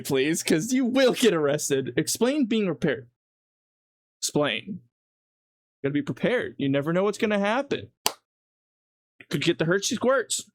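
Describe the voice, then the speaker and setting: A man's voice: high voice, no echo. A man livestreaming while he cooks at home, rambling casually and laughing at his own jokes. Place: home kitchen.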